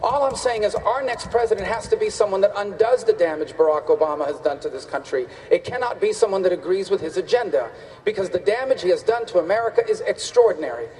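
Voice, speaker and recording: A man's voice: high-pitched, expressive, fast, darkish tone. A man running for president, giving emphatic, repetitive debate answers on a stage. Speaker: presidential candidate. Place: large debate hall on stage. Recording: reverberant debate hall.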